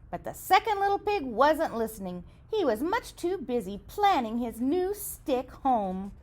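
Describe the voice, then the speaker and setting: A woman reading a children's story aloud in an expressive, sing-song storytelling manner. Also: on the high side, moderate pace, few pauses.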